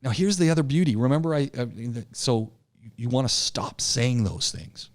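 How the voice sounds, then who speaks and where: A man teaching a public speaking class. He talks in an animated way, often repeats words and restarts sentences, and swings between loud emphasis and a low, quiet voice. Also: moderate pace. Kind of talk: classroom lecture.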